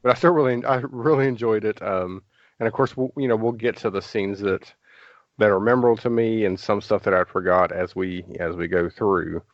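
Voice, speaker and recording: Low-voiced rambling man, dry lo-fi podcast. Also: steady tone, fairly quick, dry recording. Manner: rambling, many fillers and restarts. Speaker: podcast guest. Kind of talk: casual podcast chat. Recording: dull lo-fi podcast audio.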